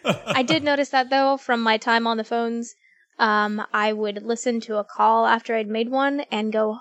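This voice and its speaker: A woman's voice: a little high, normal speed, fairly bright tone, dry recording. A woman co-hosting a storytelling podcast in casual chat, chatty and self-aware, laughing often. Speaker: podcast co-host.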